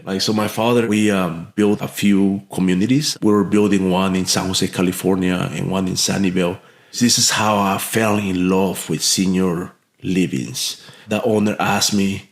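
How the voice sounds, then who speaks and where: A man's voice: deep voice, fairly even intonation, moderate pace. A man from Mexico telling a heartfelt story as a podcast guest, earnest and full of restarts and fillers. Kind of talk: storytelling in an interview. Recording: echoey room.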